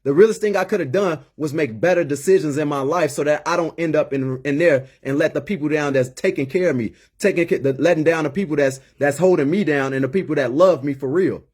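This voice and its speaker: A man's voice: on the high side, fairly quick, few pauses, a little mellow, breathy edge. A man in his late thirties, a former inmate turned community mentor, giving an impassioned personal monologue with emphatic, preachy repetition. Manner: emphatic and preachy, repeating words as he builds.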